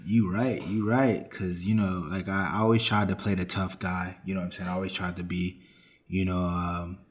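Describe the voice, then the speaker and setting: Deep voiced guy, aave, earnest and reflective, pretty flat delivery, lots of "you know what i'm saying". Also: moderate pace. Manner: earnest, reflective, many fillers. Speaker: interview guest. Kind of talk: casual interview chat.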